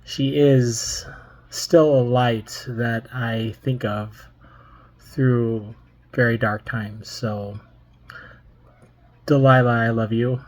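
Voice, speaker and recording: A man giving a personal memorial tribute to a colleague, telling a story slowly and reflectively with gentle humor. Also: mid-range voice, fairly even intonation.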